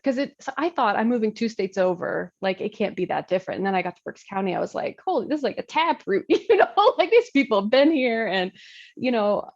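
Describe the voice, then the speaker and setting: A woman's voice: mid-range voice, creaky, darkish tone, lo-fi sound. A woman in her thirties from Michigan, a Lutheran pastor, talking casually in an interview, chatty, with frequent laughs and many fillers.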